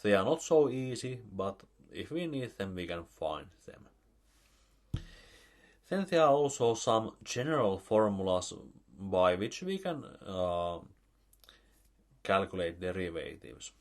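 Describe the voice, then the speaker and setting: Male math lecturer, Finnish accent, slow and halting delivery with a varied pitch. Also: very animated. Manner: slow, halting, with many fillers.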